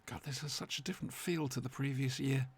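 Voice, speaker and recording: A man's voice: medium pitch, fairly even intonation, quick pace, husky. A man with a chatty, wry manner, co-hosting a casual watch-along commentary from home. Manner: chatty, wry, fond asides. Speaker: podcast co-host watching along. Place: home room, dry sound.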